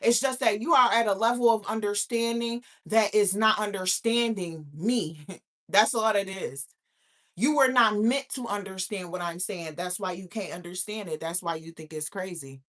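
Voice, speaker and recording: A woman hosting a casual livestream, animated and profane, preaching and answering chat comments. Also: medium pitch, moderate pace. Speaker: livestream host.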